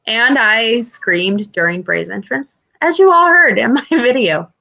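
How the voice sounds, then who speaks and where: A woman's voice: fairly high pitch, lively intonation, unhurried, vocal fry, bright, forceful tone, muffled recording. A woman co-hosting a podcast, telling stories animatedly with swearing and mimicked quotes. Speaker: podcast co-host. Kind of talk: casual chat.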